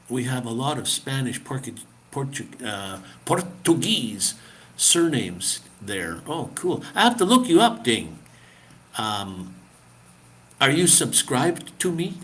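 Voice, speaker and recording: A man's voice: mid-range voice, fairly bright tone. A man chatting casually on a live stream, answering viewers, laughing often and restarting his sentences. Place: living abroad in the Philippines.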